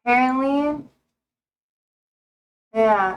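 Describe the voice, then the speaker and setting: A woman's voice: fairly high pitch, normal speed, long pauses, lo-fi sound, faint music behind. A young adult woman streamer chatting casually on a live stream, rambling and full of fillers, often cutting herself off mid-thought. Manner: rambling, filler-heavy, self-interrupting.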